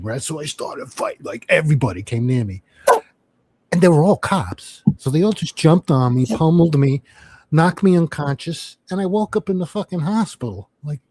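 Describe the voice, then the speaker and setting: A middle-aged man from New York telling a profane, animated story in casual chat, acting out quotes as he goes. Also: on the high side, breathy edge. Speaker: livestream host.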